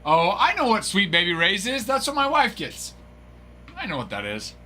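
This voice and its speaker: A man's voice: sits high, wildly swooping pitch, normal speed, pushed and bright, slight background noise. A man hosting a card break livestream, joking and laughing as he answers viewers by name. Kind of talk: casual livestream chat.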